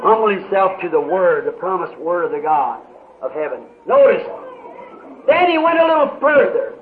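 A man preaching a sermon in an impassioned way, rising to shouts with dramatic pauses, on an old muffled tape. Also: high-pitched, big pitch swings, slight background noise.

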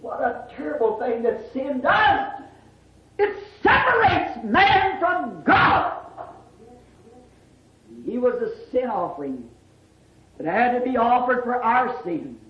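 A preacher giving an impassioned sermon, drawn-out and emphatic, bursting into shouts on key words. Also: mid-range voice, animated, a little hiss or hum. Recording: dull, echoey old sermon recording.

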